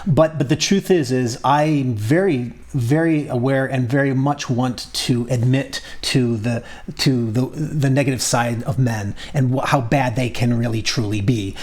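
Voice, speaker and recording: A man co-hosting a podcast in casual chat, talking with a hesitant, halting delivery full of restarts. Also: medium pitch, a little mellow. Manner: hesitant, many restarts and fillers. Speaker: podcast co-host.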